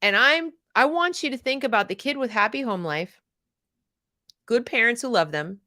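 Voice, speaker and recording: A woman hosting a live recap talk, telling a personal story in an animated, emphatic and firm way. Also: fairly high pitch, moderate pace, no room sound, studio quality. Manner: animated and emphatic, acts out quoted people; firm, indignant. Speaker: podcast host.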